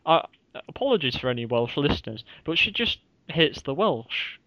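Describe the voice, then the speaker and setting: A man's voice: a little high, very animated, moderate pace, pushed and bright, dry recording. A man co-hosting a casual podcast chat, telling rambling stories and laughing often. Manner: rambling, giggly storyteller. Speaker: podcast co-host. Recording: dull, dry lo-fi recording.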